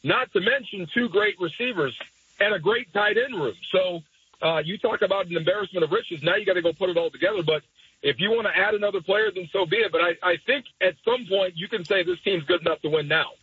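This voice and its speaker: A man's voice: high-pitched, bright, forceful tone, breathy edge, no echo. Man giving confident football analysis. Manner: confident, measured sports analysis. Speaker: radio analyst and former player. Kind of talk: sports talk guest. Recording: dull lo-fi studio sound.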